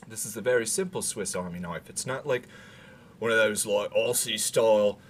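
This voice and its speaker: A man speaking in a put-on British accent, rambling through a casual gear walkthrough with halting fillers and dry asides. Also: fairly low pitch, a bit bright, a little hiss or hum. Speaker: gear demonstrator.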